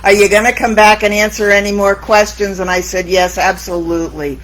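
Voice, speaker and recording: A woman's voice: mid-range voice, flat delivery, brisk, natural voice, low-quality recording. Woman playing Frankie, brassy advice columnist.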